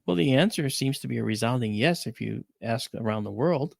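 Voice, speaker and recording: A man hosting a talk show, telling stories in a gravelly, mid-pitched voice. He rambles and restarts, leaning on words for emphasis. The recording is dry and close. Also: expressive, a little fast, no room sound. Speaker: radio show host. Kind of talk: casual storytelling chat.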